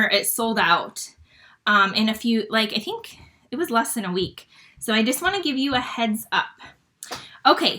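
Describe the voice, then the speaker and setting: Bright, chatty woman demonstrating crafts. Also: a little high. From Michigan, USA. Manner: chatty and fast-talking, with many fillers. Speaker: paper-craft demonstrator hosting a live stream. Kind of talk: casual live craft demo.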